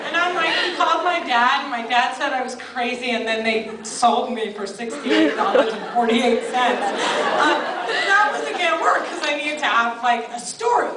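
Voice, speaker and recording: A woman in her thirties tells jokes on a club stage in a high, self-mocking voice full of ums and asides. The mic sits far back in a roomy hall. Loud crowd laughter and noise fill the background. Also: moderate pace. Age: 30s. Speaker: stand-up comedian. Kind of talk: stand-up comedy set. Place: live comedy venue. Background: loud audience laughter and noise.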